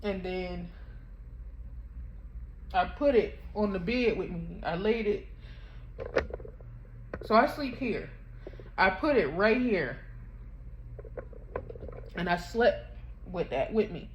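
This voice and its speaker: Grieving woman, halting, dull phone audio. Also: mid-range voice, lively intonation. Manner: halting, rambling, grief-stricken storytelling. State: grieving, near tears. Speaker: vlogger. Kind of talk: emotional personal confession vlog. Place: her bedroom at home. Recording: dull muffled sound with faint background hum.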